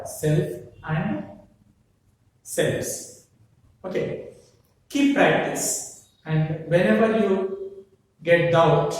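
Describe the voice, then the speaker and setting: A man with an Indian English accent giving a classroom English lecture, talking slowly and often asking questions he answers himself. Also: on the high side, a little mellow. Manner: slow, repeats words and asks rhetorical questions. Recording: very echoey room, voice far from mic.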